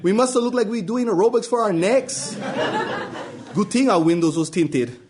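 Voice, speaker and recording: A man reads a story aloud. His voice sits high for a man, and his delivery is wry and easygoing. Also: normal speed, crowd noise. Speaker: reader. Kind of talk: spoken-word story reading.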